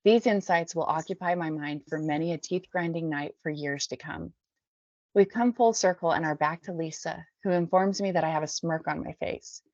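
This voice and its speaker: A woman from the Bay Area, a podcast guest, reading her memoir aloud in a measured, subdued way. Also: low voice, a little mellow, dry recording. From San Francisco Bay Area. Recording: dull dry lo-fi recording.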